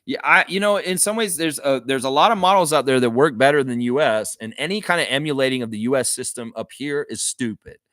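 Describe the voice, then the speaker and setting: A man's voice: medium pitch, brisk, few pauses, fairly bright tone, no echo, clean studio sound. A man hosting a live stream, reading chat comments and ranting bluntly with frequent swearing. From Canada.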